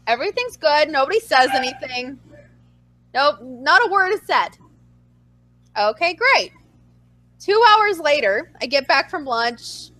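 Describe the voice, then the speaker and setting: A woman's voice: high-pitched, a little slow, pauses often, no room sound. A woman co-hosting a podcast, telling a story in casual chat and acting out the dialogue with animation. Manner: animated, acts out dialogue in her stories. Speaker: podcast co-host.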